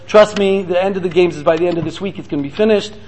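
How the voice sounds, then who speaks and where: A sheepish teenage boy apologizes and explains himself in a rush, as a man tells the story. His pitch runs high. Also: fast talker, darkish tone, slight background noise, lightly acted.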